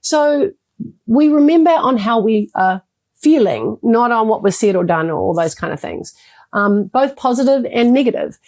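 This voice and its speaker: Middle-aged woman, warm mellow tone, expressive coach-type guest who acts out little quotes. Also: a little high, moderate pace. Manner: animated, acts out quoted thoughts in a bright voice. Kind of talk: interview conversation.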